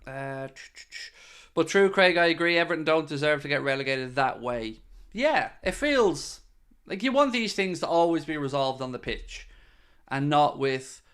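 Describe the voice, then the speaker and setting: A man's voice: on the high side, expressive, measured pace, fairly bright tone, smooth. A man hosting a casual live stream, chatting and answering viewer comments. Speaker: podcast host reading live chat.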